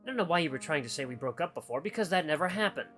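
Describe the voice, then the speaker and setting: Over soft background music, a man voices a bitter, possessive ex-boyfriend in a visual novel, whining, guilt-tripping, and accusing in a raised pitch. His delivery is animated, very fast, and a bit bright.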